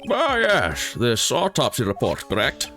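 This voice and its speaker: A man voicing an elderly male judge in a game playthrough, speaking in slow, formal courtroom phrasing. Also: medium pitch, wildly swooping pitch, pushed and bright, soft background music, heavily acted.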